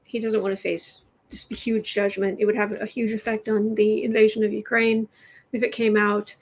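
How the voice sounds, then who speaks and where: In a rough recording, a woman with a medium-pitched voice and little pitch movement runs a political tarot livestream. She's sarcastic and casual, laughs a lot, and stumbles into restarting her sentences.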